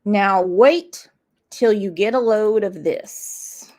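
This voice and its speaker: A woman's voice: mid-range voice, takes it slowly, darkish tone. A woman hosting a true crime livestream, angry and blunt, swearing freely as she comments. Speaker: true crime channel host.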